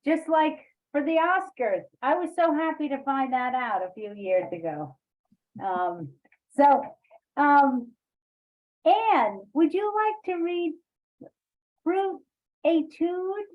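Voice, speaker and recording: A woman leading a poetry workshop, talking haltingly with many fillers and restarts. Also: high-pitched, narrow, tinny audio. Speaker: workshop leader. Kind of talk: online poetry workshop discussion.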